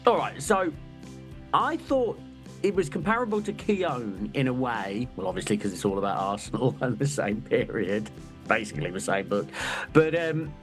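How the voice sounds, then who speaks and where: Wry, joking man chatting on a podcast. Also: on the high side. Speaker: podcast co-host. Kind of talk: casual chat.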